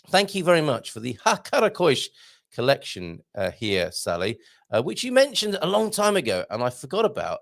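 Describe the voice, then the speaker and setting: A middle-aged man hosting a live stream, chatting playfully, greeting viewers by name and making puns. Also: vocal fry. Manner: lively up-and-down pitch, jumps high for greetings. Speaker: host. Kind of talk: live-stream chat reading viewer comments.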